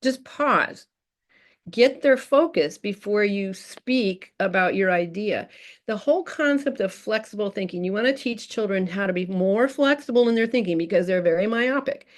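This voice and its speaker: A woman's voice: medium pitch, expressive, normal speed. A woman presenting a parenting workshop in an informal, chatty way, with many fillers and restarts.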